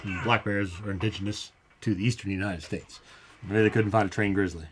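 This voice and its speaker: A man's voice: fairly low pitch, steady tone, fairly quick, fairly bright tone, soft background music. A man co-hosting a movie reaction, chatting casually and profanely, explaining history offhand. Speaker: reaction channel co-host.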